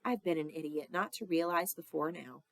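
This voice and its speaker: A woman doing a brisk, fussy mum. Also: low-pitched, creaky, no echo. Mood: gentle. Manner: brisk and scolding.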